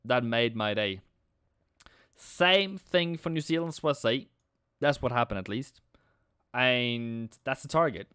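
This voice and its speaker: A man hosting a live trading stream, excitable and slangy, calling viewers mate and bro. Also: mid-range voice, takes it slowly, pauses often, clear, resonant tone, no echo, clean studio sound.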